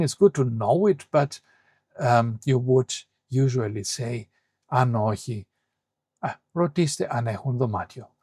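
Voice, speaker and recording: A man's voice: mid-range voice, darkish tone, husky, no echo, clean studio sound. A man teaching a language lesson, patiently reading out phrases, translating them and explaining the grammar.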